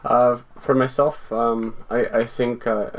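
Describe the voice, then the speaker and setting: A man's voice: medium pitch, steady tone, slow pace. A man on a book panel, speaking hesitantly with many fillers and restarts. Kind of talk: casual panel discussion.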